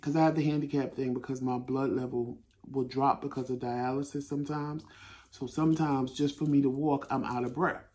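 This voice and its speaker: A man hosting a talk show, telling a story in a casual, animated way and swearing freely. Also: mid-range voice, fairly quick. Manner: animated, swearing, laughing at himself. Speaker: host.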